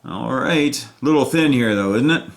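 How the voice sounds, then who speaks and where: A man's voice: medium pitch, lively intonation, normal speed, gravelly. A man hosting and commenting on a board game, upbeat and chatty as he hands over to each player. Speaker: host and game narrator.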